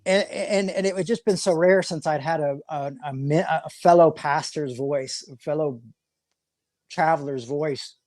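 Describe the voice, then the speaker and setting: A man's voice: on the high side, a little slow, a little mellow, no room sound. A man, a pastor, talking casually in an interview, rambling with many restarts and repeated words.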